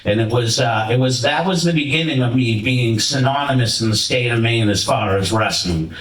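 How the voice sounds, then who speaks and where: A man's voice: mid-range voice, moderate pace. Man telling stories in an echoey hall. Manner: rambling, animated, many restarts. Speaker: hall of fame inductee giving a speech. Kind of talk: storytelling speech at a ceremony. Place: lodge hall. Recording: roomy hall from far off.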